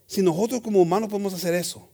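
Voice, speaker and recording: Guy preaching in english and spanish, high voice, keeps saying amen and hermanos, gets loud then goes quiet. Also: rapid-fire, vocal fry. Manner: animated, swings from loud to soft. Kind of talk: bilingual sermon.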